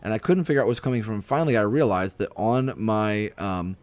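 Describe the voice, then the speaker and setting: A man's voice: fairly low pitch, lively intonation, fast, darkish tone, dry recording. A young man hosting a casual live stream chat, telling stories in a rambling way with lots of fillers and restarts. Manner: rambling, self-interrupting storyteller with frequent fillers. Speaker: livestream host.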